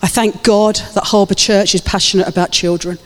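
A woman's voice: mid-range voice, fairly even intonation, fairly quick. Fervent woman preaching in a hall. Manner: fervent, exhorting, calls out to the congregation. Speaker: pastor. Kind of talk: sermon. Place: church hall. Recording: long reverb of a church hall.

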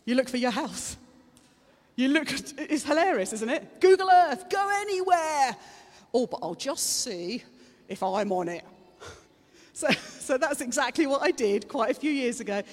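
A middle-aged woman pastor giving an Easter sermon to her congregation, chatty and animated, often leaping into high excited exclamations. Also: moderate pace. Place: church hall with congregation. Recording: reverberant hall with soft music behind.

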